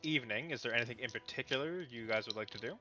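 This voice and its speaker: Male game master with a bright tone and relaxed, laid-back narration on a slightly lo-fi recording. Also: mid-range voice, rapid-fire, soft background music. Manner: relaxed, laughs easily, loose descriptive narration. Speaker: dungeon master.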